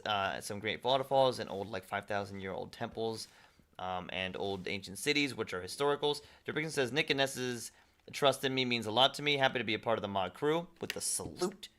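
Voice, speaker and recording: Bright-voiced young man reading chat. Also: fairly low pitch, normal speed. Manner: reads viewer messages aloud and replies. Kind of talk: casual live-stream chat.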